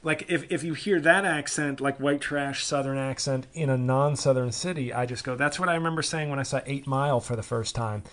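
Solo podcast host, a comedian man in his forties; rambling, dry, self-deprecating delivery at a mid pitch. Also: brisk, few pauses, a bit bright. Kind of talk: casual solo podcast monologue.

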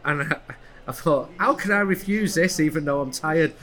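A man's voice: fairly high pitch, moderate pace, fairly bright tone. A man co-hosting a podcast, telling a story in a rambling, hesitant way. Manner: rambling, hesitant, full of restarts. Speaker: podcast co-host. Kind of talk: casual storytelling.

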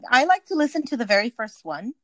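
A woman co-hosting a podcast in casual chat, lively and teasing, quick to giggle. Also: a little high, a little hiss or hum. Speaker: podcast co-host.

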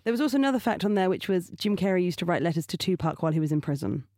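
A woman's voice: on the low side, expressive, rapid-fire, dark tone, dry recording. Upbeat woman, dry close mic. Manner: chatty, upbeat, reads out tour dates. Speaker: podcast co-host. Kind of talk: casual chat.

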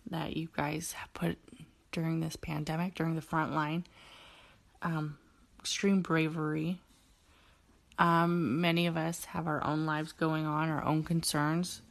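A woman hosts a casual solo podcast from home, her voice low and full of fry. She rants in an exasperated, profane way, with many fillers and restarts. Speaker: podcast host; nurse.

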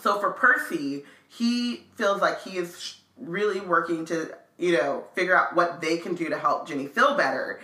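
A woman's voice: lowish voice, normal speed, hardly any pauses, bright, forceful tone, echoey room. A woman co-hosting a book read-along, chatting thoughtfully with lots of fillers. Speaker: co-host.

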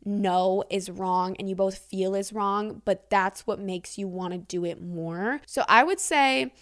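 A young woman hosting a podcast, reading listener secrets aloud and reacting in a chatty, giggly, animated way. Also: mid-range voice, measured pace. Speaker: podcast host.

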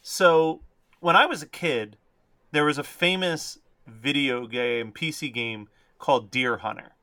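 A man's voice: medium pitch, measured pace, bright, forceful tone, no room sound. A man co-hosting a casual movie podcast, telling amused stories and laughing often. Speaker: podcast co-host. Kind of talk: casual movie-review chat.

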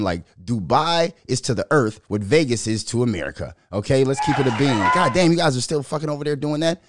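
A man hosting his own podcast, talking sports in a loose, profane style, often laughing and getting loud. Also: mid-range voice, no room sound, clean studio sound. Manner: loud, animated, laughing, swears a lot. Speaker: podcast host. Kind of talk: casual profane sports commentary.

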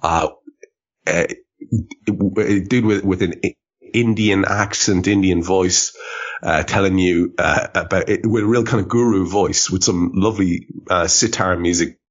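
Deep husky man hosting a podcast. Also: steady tone, a little slow. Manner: rambling, full of fillers and swearing. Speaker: podcast host. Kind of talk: casual podcast chat. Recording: dull lo-fi podcast audio.

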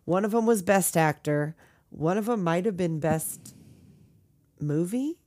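Animated woman recapping a film. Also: lowish voice, no room sound, studio quality. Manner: animated, swears, acts out characters in quick voices. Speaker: podcast co-host. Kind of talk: casual movie recap chat.

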